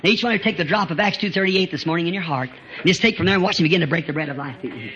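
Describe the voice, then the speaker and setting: A man preaching a revival sermon, fervent, rising to shouts and chuckling between phrases, on a lo-fi old tape recording. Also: fairly high pitch, very fast.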